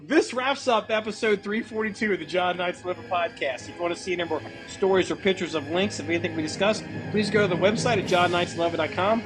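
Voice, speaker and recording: A man hosting a casual podcast, reading odd news stories aloud and laughing and joking about them. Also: high voice. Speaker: podcast host.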